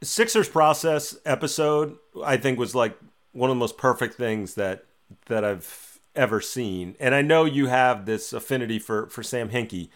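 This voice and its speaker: A man's voice: mid-range voice, normal speed. Male podcast host, mid-range voice, teasing, conversational. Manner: playful, teasing questions. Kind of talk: casual chat.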